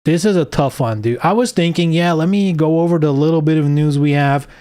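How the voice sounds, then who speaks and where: A man's voice: on the high side, a little fast, dark tone, clean tone. A man streaming live, reading game news aloud and ranting about it sarcastically, swearing often.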